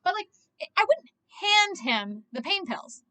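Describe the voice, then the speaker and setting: A woman's voice: very high voice, very animated, slow pace, pushed and bright. A young woman rambling through a casual movie reaction, filling her talk with "like" and swearing freely. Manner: rambling, heavy use of "like", frequent swearing.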